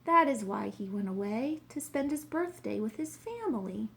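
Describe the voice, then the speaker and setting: A woman reading a children's story aloud and voicing a clever, confident male detective who talks briskly and exclaims when he finds a clue. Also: on the high side, lively intonation, vocal fry, fairly bright tone. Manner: brisk, sure of himself, exclaims.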